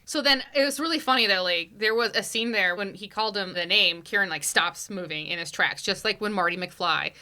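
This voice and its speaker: A woman's voice: medium pitch, a little fast, hardly any pauses, pushed and bright. A young woman co-hosting a podcast, chatting through a movie's plot step by step. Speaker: podcast co-host. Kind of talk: casual film-recap chat.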